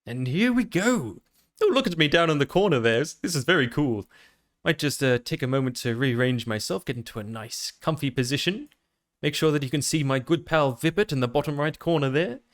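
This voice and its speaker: A man chatting on a livestream in the persona of a vampire lord, easily distracted and quick to thank new followers. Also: fairly high pitch. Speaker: VTuber streamer.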